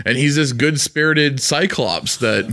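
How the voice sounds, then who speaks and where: A man's voice: mid-range voice, sharp tone. Laughing, rambling man. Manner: rambling, laughs often, slips into quick character voices. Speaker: podcast co-host. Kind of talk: casual chat about tabletop game mastering.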